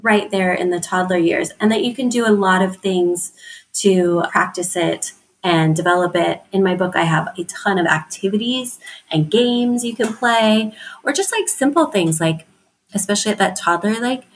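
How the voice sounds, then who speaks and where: A bubbly woman guest on a podcast, an author and former teacher. She laughs often, says "like" a lot, and speaks at a middle pitch in an easy, warm conversational flow. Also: normal speed. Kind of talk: casual interview chat.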